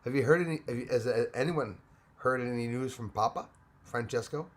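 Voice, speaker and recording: A man's voice: mid-range voice, brisk. A man hosting a live stream, chatting casually and greeting viewers by name, rambling with frequent restarts. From Canada.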